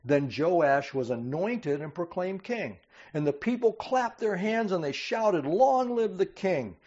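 Husky-voiced man preaching a sermon. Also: on the high side, animated, measured pace, a little mellow, muffled recording. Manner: dramatic, rising emphasis on quoted cries. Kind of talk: sermon reading and explaining scripture.

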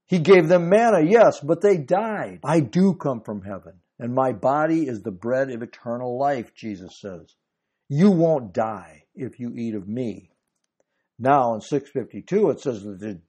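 A man delivering a sermon, moving between reading scripture aloud and explaining it. His voice is mellow and warm, sitting a little higher than most men's. He presses hard on key phrases with emphatic swells. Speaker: preacher.

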